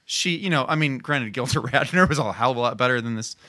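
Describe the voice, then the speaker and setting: A podcast co-host talking through a TV episode in a rambling, halting way. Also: mid-range voice, bright, forceful tone. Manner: rambling, halting restarts and fillers. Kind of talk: casual chat reviewing a TV episode.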